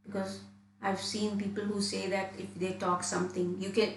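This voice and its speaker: A woman's voice: mid-range voice, level tone, moderate pace, reverberant, a little hiss or hum, poor audio. A woman from India, an IELTS trainer, giving an online lesson and often restarting and repeating phrases as she explains.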